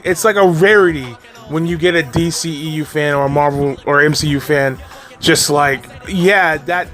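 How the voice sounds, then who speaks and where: Exasperated high-voiced man ranting. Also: a bit bright. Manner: exasperated, profane, laughs often, repeats and restarts. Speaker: movie commentary vlogger. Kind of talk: casual ranting commentary.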